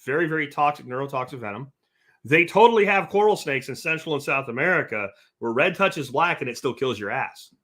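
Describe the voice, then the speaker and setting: Animated, blunt man ranting on a podcast. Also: medium pitch, fairly quick. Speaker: podcast host. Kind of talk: livestream podcast rant, reading chat comments.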